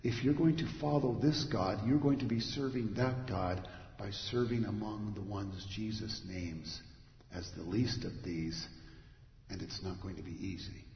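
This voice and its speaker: A male pastor delivers a sermon, with dramatic swings from ringing proclamations to quiet, intimate asides. His voice fills a big church hall with long reverb and roomy echo. The recording sounds a little dull and muffled. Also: lowish voice, a little slow. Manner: dramatic, swings from loud declarations to hushed asides. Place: church sanctuary.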